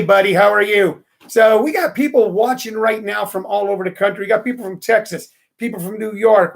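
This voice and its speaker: A man's voice: sits high, creaky. A middle-aged man hosting a loose, rambling live stream, chatting with viewers and greeting them by name. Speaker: host.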